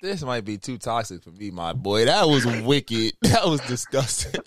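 A man's voice: mid-range voice, very animated, takes it slowly, no room sound. A man co-hosting a podcast, reacting bluntly and with disbelief in casual chat. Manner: incredulous, blunt, laughing. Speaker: podcast co-host.

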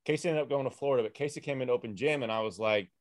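Young male podcast host, casual storyteller, laid-back, average pitch. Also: rapid-fire. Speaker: podcast host, former player. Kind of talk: casual chat.

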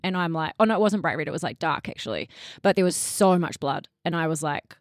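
Woman, 30s, low voice, interview guest, candid emotional storytelling, dry close sound. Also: lively intonation, quick pace, dry recording. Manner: frank, emotional storytelling with swearing.

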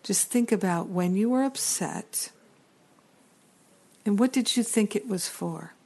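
Middle-aged female spiritual teacher; warm, dark tone, earnest and reflective, stacks up long lists. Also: mid-range voice, unhurried, husky.

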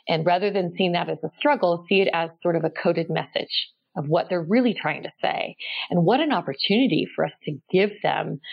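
A woman guest on an interview explaining parenting tips in a calm, measured, gently explanatory way. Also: fairly low pitch, gravelly. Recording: slightly dull lo-fi sound.

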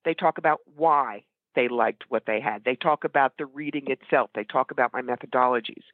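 A woman's voice: very deep voice, dry recording. Blunt opinionated woman on a phone line. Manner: blunt, opinionated, brisk storytelling. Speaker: guest, psychic medium and author. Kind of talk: casual interview conversation. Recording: tinny phone-like line, dry.

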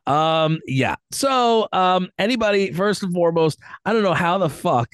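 Animated joking man, lively pitch. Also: normal speed, clean tone, no room sound, clean studio sound. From East Coast of the US. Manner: animated, joking, lots of fillers and laughter. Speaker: podcast co-host. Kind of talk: casual chat.

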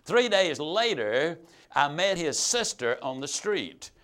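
A man with a slightly higher voice gives a motivational sales talk. He tells his stories in a folksy, emphatic way, rising loud and dropping soft. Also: big pitch swings, slow pace. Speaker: sales trainer and motivational speaker.

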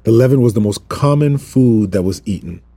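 A man's voice: lowish voice, expressive, normal speed, warm tone, slightly rough, no echo. A man teaching a Bible passage in an informal sermon, repeating words for emphasis and joking with his listeners. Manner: repetitive, emphatic, jokes and asides to viewers. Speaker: preacher teaching a Bible study.

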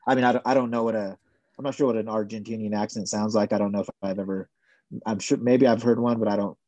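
Male guest with a warm, low-ish voice, halting chatty delivery. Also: fairly even intonation, no echo, dull audio. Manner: hesitant, frequent "you know" fillers. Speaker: podcast guest. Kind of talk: casual conversation.

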